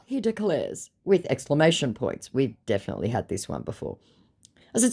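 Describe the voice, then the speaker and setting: Sarcastic woman with a lively, low voice. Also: brisk, breathy edge. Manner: sarcastic, exasperated. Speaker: scambaiter narrating chats. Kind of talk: reading chat messages aloud.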